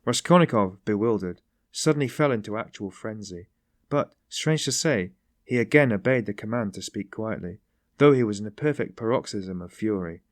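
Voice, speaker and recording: A man narrating an audiobook in a measured, even reading. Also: on the low side, no room sound, clean studio sound. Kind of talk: scripted narration.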